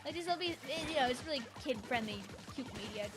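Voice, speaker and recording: A woman's voice: high voice, animated, fairly quick. A woman in her twenties streaming a game from home, chatting casually and rambling, laughing often as she answers her chat. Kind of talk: casual live-stream chat while gaming. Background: game music.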